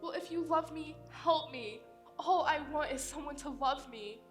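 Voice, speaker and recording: A teenage girl playing a frightened young bride pleading with her father in a high school stage play. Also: moderate pace, faint music behind, natural voice. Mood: desperate. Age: teens. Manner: panicked, pleading. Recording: echoey auditorium from a distance.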